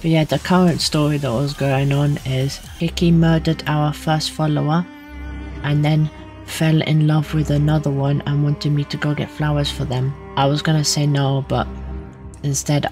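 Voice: mid-range voice, little pitch movement, moderate pace, creaky, over music. A streamer giving casual gaming commentary in a playful way, often muttering whispered sound effects and repeating filler words.

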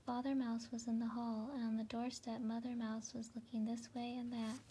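A woman giving a relaxing reading of a children's storybook, narrating softly with some words in a whisper. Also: on the high side, flat delivery, moderate pace, a little hiss or hum, low-quality recording. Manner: soft, partly whispered narration. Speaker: storybook reader.

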